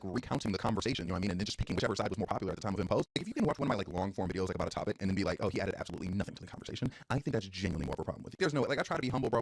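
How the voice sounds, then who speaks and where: A young man streaming, ranting in a casual, animated way that leans heavily on filler words. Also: mid-range voice, husky, no room sound. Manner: fast, animated, heavy use of "like". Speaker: streamer and YouTuber. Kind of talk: casual live-stream rant.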